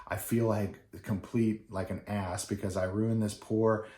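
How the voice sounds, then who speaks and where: A middle-aged wedding DJ tells a story in a loose, rambling way, full of fillers and restarts. His voice sits low. The room around him is echoey. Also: flat delivery, measured pace, darkish tone. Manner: rambling with many fillers and restarts, acting out quoted people. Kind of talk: casual storytelling.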